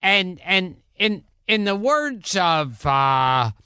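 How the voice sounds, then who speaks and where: A man hosting a podcast, talking slowly with a nasal, exaggerated delivery. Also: high voice, very animated, bright, forceful tone, clear, resonant tone, no room sound, clean studio sound. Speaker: podcast host.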